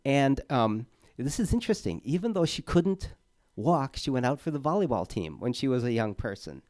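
A man preaching a conversational sermon, halting, with many fillers and repeated words, and earnestly leaning on key words. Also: mid-range voice, very animated, a little mellow, no echo, studio quality.

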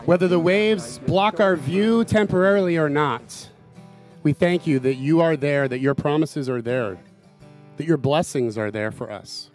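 A man's voice: fairly high pitch, a little slow. A man leading an earnest spoken prayer in a church service. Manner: earnest, softly declarative. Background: guitar music.

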